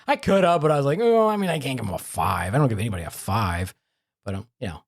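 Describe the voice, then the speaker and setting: Fast and a bit creaky with vocal fry, this mid-range male voice belongs to a podcast host. He spins stories in a relaxed conversation, animatedly voicing the people he quotes.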